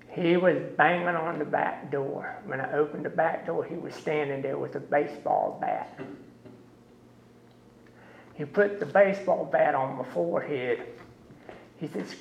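A man telling his own story of recovery to a meeting in a slow, plain-spoken way. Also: mid-range voice, creaky, reverberant, muffled recording, a little hiss or hum. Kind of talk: personal testimony at a recovery meeting.

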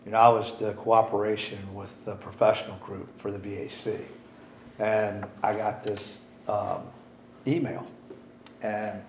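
A man's voice: lowish voice, level tone, measured pace. A middle-aged man speaking at a recovery meeting, candid and rambling, swearing casually. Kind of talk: recovery share talk. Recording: roomy, dull, faint hiss.

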